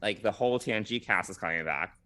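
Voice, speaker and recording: A man's voice: lowish voice, quick pace, sharp tone. A man co-hosting a podcast in casual chat, blunt and wry, laughing now and then as he talks. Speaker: podcast co-host.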